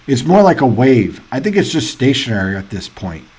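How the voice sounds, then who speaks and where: Husky-voiced man hosting live weather coverage. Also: medium pitch, moderate pace. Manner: chatty, excitable, thinks aloud. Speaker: weather livestream host. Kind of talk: casual live weather commentary.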